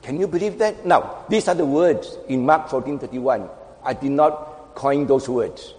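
A man preaching a sermon, swinging between hushed asides and loud emphatic lines as he quotes scripture. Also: medium pitch, measured pace. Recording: long hall reverb.

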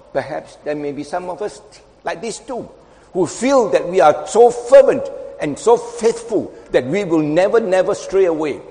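A man preaching in a voice pitched a little high for a man, dropping to near murmurs and then rising sharply for emphasis. His lines carry a long reverb from a large hall. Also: expressive, a little slow. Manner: dramatic swings between soft and loud, quoting scripture. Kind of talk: sermon.

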